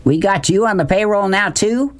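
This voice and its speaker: A man's voice: a little high, sing-song, moderate pace, voice pushed up. A man doing a hollering brash bully of a man. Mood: hooting. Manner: hollering, hooting, folksy drawl. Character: loud brash big man, pushy bully. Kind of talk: audiobook character reading.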